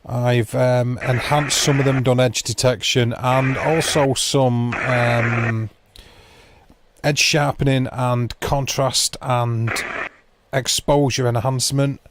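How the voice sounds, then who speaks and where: Talking slowly and flatly at a medium pitch, this livestream host rambles through a casual chat, addressing viewers by name. His humour is dry and self-mocking. There is loud noise in the background.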